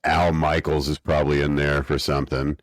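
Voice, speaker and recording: A man's voice: a bass voice, flat delivery, brisk, dry recording. A man co-hosting a podcast, recapping an episode in casual chat with wry, mock-academic rants. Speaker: podcast co-host.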